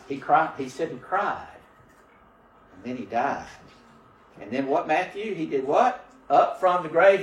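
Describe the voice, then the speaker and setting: Male pastor, fairly high voice, fervent call-and-response preaching, miked from afar in a reverberant sanctuary. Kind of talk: sermon. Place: church sanctuary. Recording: roomy church sound from a distant mic.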